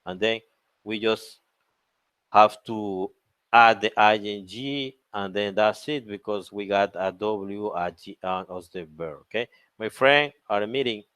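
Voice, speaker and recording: A man's voice: lowish voice, unhurried, a bit bright, clean tone, dry recording. A man with a Chilean Spanish accent teaching an English grammar lesson, moving between English and Spanish and explaining step by step with patient repetition. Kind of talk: recorded online grammar lesson.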